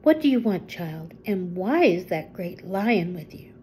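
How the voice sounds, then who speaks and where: Grandma doing a cautious farm wife. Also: female voice, on the low side, sing-song, a little slow, darkish tone, slight background noise. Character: cautious farm wife, wary then welcoming.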